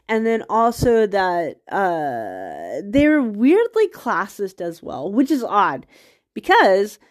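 In a mid-range, darkish voice, a woman delivers a rambling, casual podcast monologue full of laughing asides. A cold has left her a bit stuffy, with occasional coughs.

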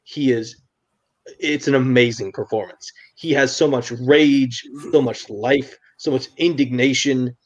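A man's voice: mid-range voice, fairly even intonation, measured pace. An enthusiastic man in a casual podcast film chat, speaking in a mid-range voice. His talk is emphatic and full of repeated praise. The recording sounds dull and slightly lo-fi. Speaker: podcast co-host or guest.

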